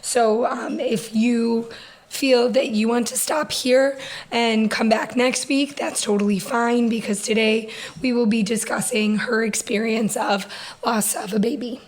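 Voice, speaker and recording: A young woman co-hosting a podcast with her sister, telling stories in a lively, laughing way. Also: on the high side, poor audio. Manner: animated storytelling, quick laughs. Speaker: podcast co-host. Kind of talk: casual sister chat.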